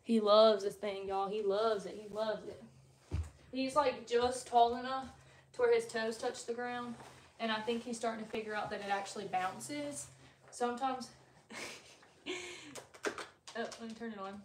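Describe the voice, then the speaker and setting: A woman's voice: fairly high pitch, fairly even intonation, measured pace, long pauses, a little hiss or hum. A young woman, chatting casually to her phone on a live stream from her home. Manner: chatty, folksy, laughs easily. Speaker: mom vlogger. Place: family home, indoors.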